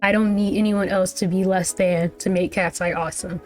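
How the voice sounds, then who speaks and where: A woman hosts a casual music reaction, rambling from thought to thought with plenty of fillers and self-corrections. Her voice sits in an ordinary middle pitch. Faint music hums in the background. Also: steady tone, brisk. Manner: rambling, chatty, full of "like" and restarts. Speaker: music reaction channel host.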